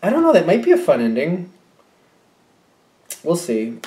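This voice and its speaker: A man's voice: a little high, huge pitch swings, unhurried, warm tone. A man giving a casual tarot reading, musing aloud and often correcting himself with short hesitations. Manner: musing, hesitant, self-correcting, with light laughs. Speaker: tarot reader. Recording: echoey room.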